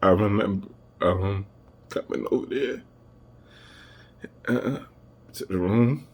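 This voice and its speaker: A man telling a personal family story to camera, emotional and halting as he searches for words. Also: fairly low pitch, a little mellow, a little hiss or hum. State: emotional, holding back tears. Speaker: vlogger.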